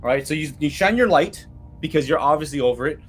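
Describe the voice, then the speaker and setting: Male game master, slightly high voice, halting casual narration over faint music. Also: animated. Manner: halting, full of restarts and fillers.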